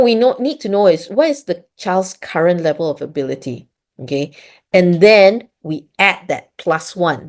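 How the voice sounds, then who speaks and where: Gravelly-voiced woman presenting a webinar. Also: fairly low pitch, darkish tone. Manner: explanatory, checks in with frequent "okay?" and "right?". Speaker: webinar presenter on autism support. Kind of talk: webinar talk.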